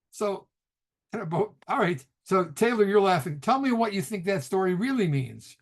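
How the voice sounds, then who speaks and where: Chatty middle-aged rabbi teaching over a call. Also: male voice, high voice, lively intonation, moderate pace. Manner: chatty storyteller, laughs often, restarts sentences. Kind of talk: casual lecture on a video call. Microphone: video call.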